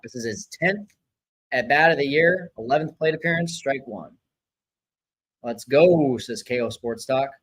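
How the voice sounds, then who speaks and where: A man hosts a live baseball watch-along stream, excitably swinging between cheering and griping about players while reading out viewer chat names and messages. His medium-pitched voice is unhurried, and the poor audio carries a little hiss or hum.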